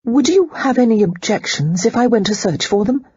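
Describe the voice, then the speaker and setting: A narrator doing a flustered young lady, very husky. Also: mid-range voice, animated, normal speed, a little mellow, no room sound, muffled recording, voice pushed up. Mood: tactful. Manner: flustered, stammering. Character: anxious young genteel lady, earnest and polite. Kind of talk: audiobook character reading.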